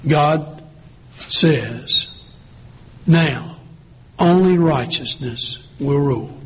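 Male pastor, husky slightly raised voice, slow measured sermon delivery. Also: a little high, low-quality recording. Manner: slow, deliberate preaching with drawn-out pauses.

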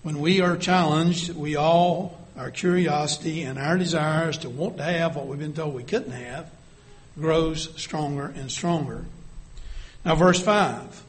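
Slow, deliberate male preacher. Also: a little high, fairly even intonation. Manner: deliberate, drops to a hush for vivid scenes, rises when reading scripture. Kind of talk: sermon.

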